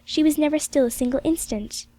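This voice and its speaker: A woman reading a classic novel aloud as an audiobook, in gentle, measured storytelling narration. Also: high-pitched, dry recording. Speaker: audiobook reader.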